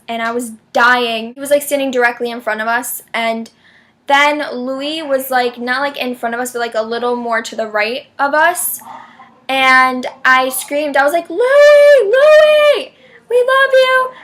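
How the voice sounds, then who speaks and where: A young woman vloggs to camera about a concert with breathless fan excitement. Her voice sits a bit high, and she keeps filling her sentences with "like". Now and then she jumps into loud squealing bursts. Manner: gushing fan, shrieks names in high bursts; heavy "like" filler, chatty and dramatic. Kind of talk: excited casual vlog storytelling.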